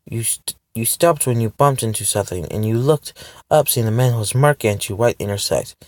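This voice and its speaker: A man's voice: mid-range voice, a little fast, no room sound. A man reading a fan-fiction story aloud in a car, tripping over words and restarting lines as he goes. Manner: stumbling reading, frequent restarts and self-corrections. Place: parked car.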